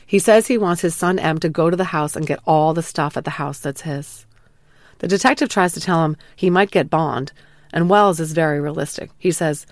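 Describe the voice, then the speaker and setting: A woman hosting a true crime podcast, calmly reading a scripted retelling of a police interrogation. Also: sits low, no room sound. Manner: calm, measured retelling of an interrogation, quoting lines plainly. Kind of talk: scripted narration.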